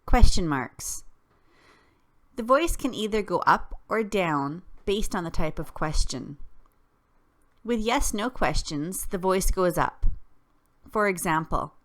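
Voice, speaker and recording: A woman teacher reading a scripted lesson, careful and deliberate, with clear pauses. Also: medium pitch, expressive, pushed and bright. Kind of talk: slow scripted lesson narration.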